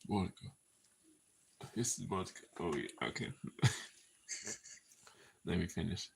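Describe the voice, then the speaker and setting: Low gravelly man rambling off-script. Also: takes it slowly, a little hiss or hum, low-quality recording. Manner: distracted, restarting and repeating himself with loose laughter; playful, teasing asides to himself. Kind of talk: casual rambling monologue, half reading a script.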